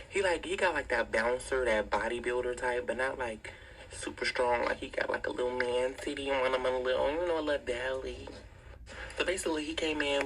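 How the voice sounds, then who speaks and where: A woman's voice: extremely low pitch, fairly bright tone, a little hiss or hum, low-quality recording. A woman telling a raunchy story in a brash, giggly, profane way. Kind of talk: casual storytelling.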